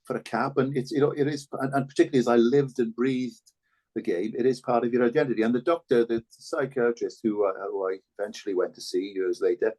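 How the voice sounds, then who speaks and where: An older man, a former rugby player speaking as a podcast guest, telling stories in a halting, earnest way with many restarts. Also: medium pitch, steady tone, a little mellow. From Wales. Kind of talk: reflective conversational storytelling.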